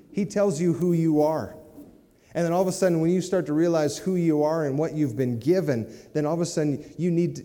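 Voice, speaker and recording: Preaching man, dark voice in a reverberant hall. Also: fairly high pitch. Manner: conversational preaching, with asides like "right?" and "amen?". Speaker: pastor. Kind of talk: sermon.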